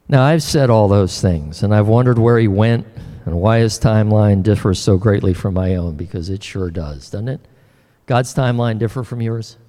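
An older man preaching a sermon as pastor, earnest and emotional, often pausing and restarting his words. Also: on the low side, dark tone, long reverb tail.

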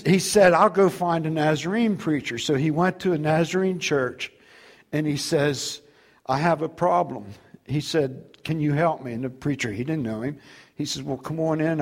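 A man's voice: fairly high pitch, darkish tone. Man telling his testimony from the pulpit. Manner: storytelling, acts out dialogue, laughs often. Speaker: preacher giving testimony. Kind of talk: testimony sermon.

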